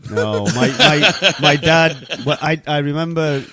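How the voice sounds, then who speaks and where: A man's voice: fairly high pitch, slow pace, no room sound. A man co-hosting a podcast, recounting memories in casual chat with laughter and swearing. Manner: lively, laughing, profane recounting. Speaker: podcast co-host.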